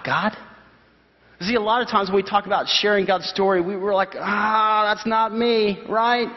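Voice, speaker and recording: A man preaches in a high voice, acting out the people in his stories and jumping up into excited shouts. The sound is muffled and a long reverb trails behind him, as in a large church hall. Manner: animated storytelling with voiced quotes and sudden high exclamations. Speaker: pastor. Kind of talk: sermon.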